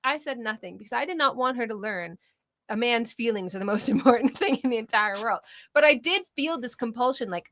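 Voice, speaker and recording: Bright-voiced woman, animated co-host. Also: on the high side, fairly quick, no room sound. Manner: animated, laughs often, swears. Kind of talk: casual political chat.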